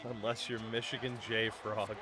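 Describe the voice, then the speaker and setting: A man's voice: fairly low pitch, little pitch movement, moderate pace. A man streaming a sports video game, chatting casually with his viewers and joking around, often laughing. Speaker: gaming streamer. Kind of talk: casual live-stream commentary.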